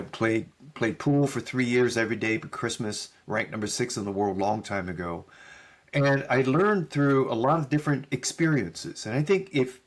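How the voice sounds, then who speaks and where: A middle-aged man with a husky, slightly breathy voice speaks as a podcast guest, recounting stories in a loose, conversational way. He slips into the voices of the people he quotes and leans on casual tags and fillers as he talks. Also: mid-range voice. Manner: animated storyteller who acts out quoted dialogue. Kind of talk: conversational storytelling.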